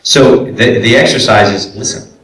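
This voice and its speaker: In a large convention room full of echo, a man from Brooklyn, New York teaches a voice acting panel, explaining things chattily with frequent fillers. His voice is medium-pitched and fairly bright at a normal speed, and it sounds distant.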